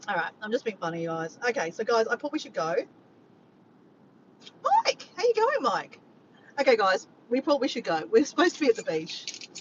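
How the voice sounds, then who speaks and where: A woman's voice: animated, fast talker. An Australian woman hosting a casual livestream, chatting and joking with viewers and reading out their messages. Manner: chatty, joking, reads chat messages aloud. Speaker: livestream host. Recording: dull lo-fi sound with faint rumble.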